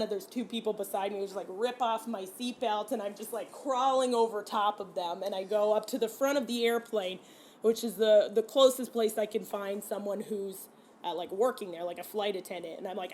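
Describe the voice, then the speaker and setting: A woman's voice: medium pitch, normal speed, slight background noise. French-Canadian woman telling a comic story. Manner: animated, laughing, acts out her own quotes. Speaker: comedian guest. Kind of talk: casual storytelling.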